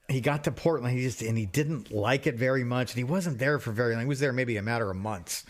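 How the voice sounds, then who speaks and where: A man's voice: mid-range voice, a bit bright. A middle-aged man co-hosting a podcast, telling stories in casual chat, swearing freely and repeating himself. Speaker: podcast co-host.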